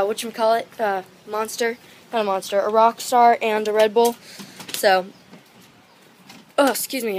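A teenage girl vlogging on her phone at a fan convention, talking fast and gushing with excitement. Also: on the high side, a little hiss or hum. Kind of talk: excited casual vlog. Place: convention and car. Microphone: handheld phone.

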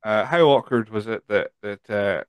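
A man's voice: on the low side, moderate pace, smooth, no room sound. A Scottish man hosting a podcast, chatty and tired, reading out listener questions with lots of fillers. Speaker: podcast host. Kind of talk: casual chat.

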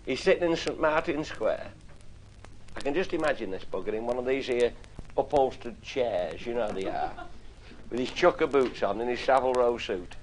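A man's voice: medium pitch, animated, moderate pace. A middle-aged man telling comic stories to a live audience, blunt and swearing freely as he puts on voices for the people in them. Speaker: comic storyteller. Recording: old 1960s live recording with hiss.

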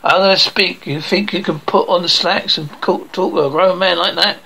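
An actor playing a short-tempered middle-aged family man in an animated series, blustering and swearing. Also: high-pitched, moderate pace, vocal fry, slight background noise, exaggerated voice, low-quality recording. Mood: indignant.

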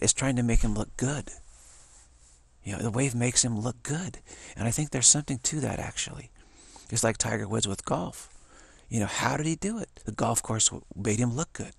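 A man talking in a casual, rambling monologue, often restarting his words and growing excited as he goes. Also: mid-range voice, vocal fry, breathy edge, dry recording. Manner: excited, animated. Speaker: talk host.

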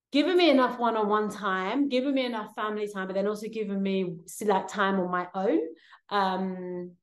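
Chatty woman in an echoey room. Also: medium pitch. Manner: chatty, rambling, many fillers and restarts. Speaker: podcast host. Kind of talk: casual solo vlog chat. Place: home, with a cat nearby.

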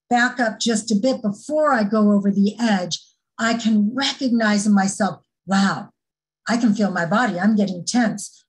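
Female workshop presenter, mid-pitched, calm earnest explainer with frequent fillers. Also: poor audio. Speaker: former teacher. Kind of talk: parent workshop talk.

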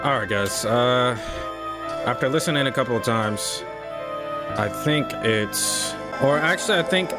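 Slow-talking man narrating a game. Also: medium pitch, expressive. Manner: talks to himself, hums melodies, jumpy reactions. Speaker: streamer playing a game. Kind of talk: casual let's-play commentary. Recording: game music playing behind.

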